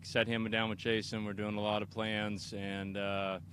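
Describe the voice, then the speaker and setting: A man's voice: on the low side, monotone, moderate pace, a bit bright, a little hiss or hum. A middle-aged man from Kansas, an off-road racer answering interview questions outdoors in an enthusiastic, rambling way with many restarts. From Kansas, USA. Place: outdoors at an off-road race park.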